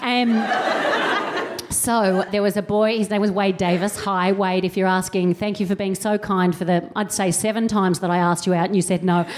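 A woman's voice: medium pitch, steady tone, moderate pace, darkish tone, a little hiss or hum. A woman around forty, a comedian and co-host, telling a wry, self-mocking comic story to a live audience and acting out quotes in mock voices.

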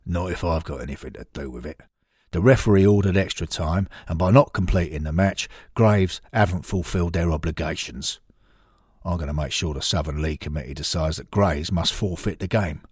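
A man voicing a gruff, dismissive former footballer who growls his lines. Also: low-pitched, fairly quick, no room sound, clean studio sound. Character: gruff retired footballer turned committee man.

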